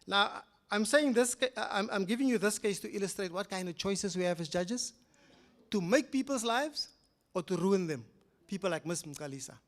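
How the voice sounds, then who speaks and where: Recounting a case as a narrative, an older South African-accented man lectures publicly in a lecture hall, expressive and at normal speed. His delivery alternates between booming, emphatic peaks and hushed, low-pitched asides.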